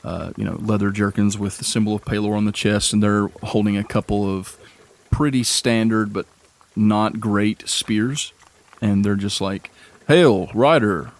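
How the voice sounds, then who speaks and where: A man with a lowish voice narrates a tabletop game as its game master. He talks casually and rambles, with lots of fillers. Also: level tone, moderate pace.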